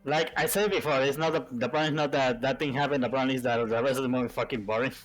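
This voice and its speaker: A man's voice: medium pitch, steady tone, rapid-fire, soft background music. A man chatting casually with a streamer friend, joking and laughing easily, often repeating himself. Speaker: friend on voice call. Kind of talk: casual chat.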